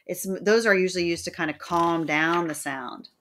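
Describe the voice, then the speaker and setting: A woman's voice: on the low side, normal speed, fairly bright tone, a little hiss or hum. A woman teaching a recorded lecture, explaining terms plainly and reading verse examples aloud in a sing-song rhythm.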